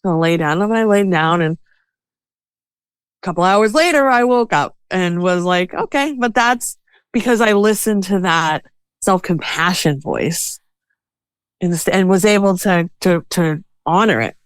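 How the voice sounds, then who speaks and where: A woman speaking as a guest on a podcast, her low-ish voice smooth and resonant. She talks in an animated, conversational way. The sound is close and dry, with no room echo. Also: measured pace. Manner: animated, acts out inner voices in quotes. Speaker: podcast guest, self-care expert. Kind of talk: conversational interview.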